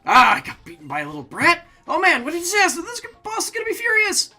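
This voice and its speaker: A man voicing a whiny, excitable male villain henchman during a live game playthrough. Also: very high voice, fast, soft background music, voice pushed up, heavily acted. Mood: panicked.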